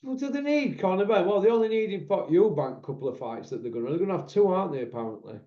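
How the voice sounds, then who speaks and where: A podcast host with a high, warm voice and lively intonation talks fast as he hosts a casual chat, telling candid, rambling stories full of banter. The recording is dull and lo-fi, made in an echoey room.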